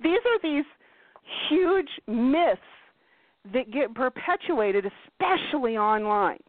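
A blunt, animated woman chats as a talk host, swearing freely and mimicking people she quotes. Her voice sits fairly high and swings widely in pitch. The sound is thin and phone-like, with a dry room. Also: slow, dry recording. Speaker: podcast host. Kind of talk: casual chat. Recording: tinny phone-like line, dry.

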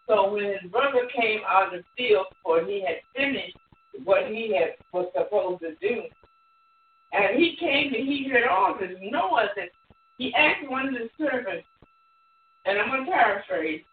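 Slow fervent lady preacher, amens everywhere, far off echoey phone line. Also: medium pitch. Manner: fervent, punctuated with hallelujahs and amens. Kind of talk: sermon.

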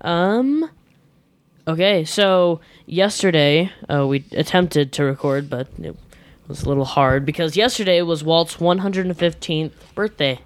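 A woman hosting a casual chat podcast with friends, upbeat and quick to tease. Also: low voice, no echo. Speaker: podcast host.

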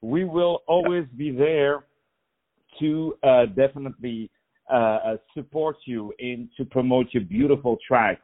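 A man's voice: medium pitch, unhurried, narrow, tinny audio. A man hosting a radio interview, effusive and full of repeated praise. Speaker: radio host. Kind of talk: enthusiastic interview.

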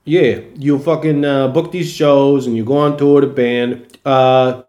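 A man's voice: mid-range voice, level tone, measured pace, warm tone. A male podcast host in a casual, rambling conversation. He swears freely, laughs easily and keeps things loose and unpolished. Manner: loose and profane, laughing often. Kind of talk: casual chat.

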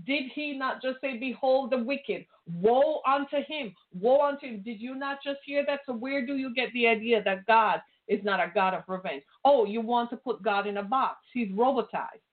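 Woman preacher, fiery sermon, rhetorical questions, higher voice, thin phone-like sound. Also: moderate pace, few pauses. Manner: impassioned, pointed rhetorical questions. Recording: tinny phone-like line.

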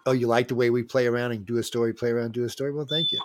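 A man's voice: medium pitch, fairly even intonation, very fast, slight background noise. A man with a Louisiana accent hosting a casual livestream chat, loose and joking, reading viewer comments and often laughing. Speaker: podcast host.

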